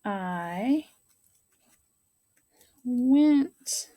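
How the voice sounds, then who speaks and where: A woman teacher modeling a writing lesson for young children, talking slowly and sounding out words and counting aloud. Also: on the high side, expressive, warm tone, no echo.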